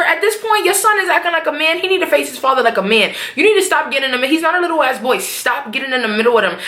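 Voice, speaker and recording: A young woman recapping a TV episode in a loose, fired-up rant, full of cussing and strong opinions. Her voice sits a bit high for a woman and rings around a roomy, echoey space. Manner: animated, profane and opinionated. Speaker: TV recap vlogger. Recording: echoey room.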